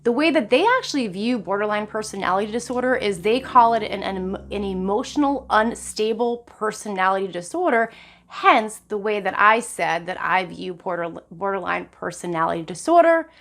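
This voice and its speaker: A middle-aged woman vlogger talking casually and earnestly to her viewers, addressing them directly and often leaping up in pitch for emphasis. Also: expressive, normal speed, a bit bright. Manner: frequent sudden jumps in pitch for emphasis. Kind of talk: casual talk to camera.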